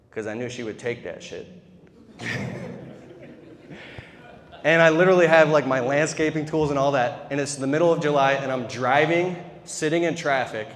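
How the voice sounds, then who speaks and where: A man giving a keynote speech as a candid, profane, conversational personal story. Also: medium pitch. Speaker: keynote speaker. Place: large convention hall. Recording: reverberant convention hall.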